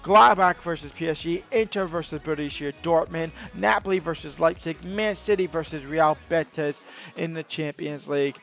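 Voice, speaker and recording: A man giving casual, excitable commentary on a football video game, thinking aloud with quick asides. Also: a little high, creaky, soft background music. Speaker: gaming YouTuber.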